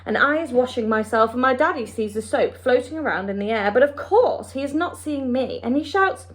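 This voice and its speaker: Woman reading as an excited boastful boy. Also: high-pitched, brisk. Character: boastful young boy dreamer.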